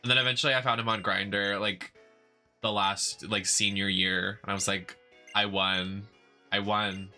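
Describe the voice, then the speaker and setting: Young male streamer, sassy and emphatic, very bright tone over faint game music. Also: on the low side, flat delivery, normal speed. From United States. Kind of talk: casual chat while gaming.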